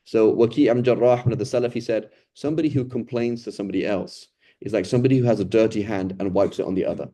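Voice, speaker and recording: Mellow-voiced man teaching a casual Quran lesson. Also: lowish voice, steady tone, quick pace. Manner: conversational, often ends points with "right?"; acts out quoted complainers and beggars.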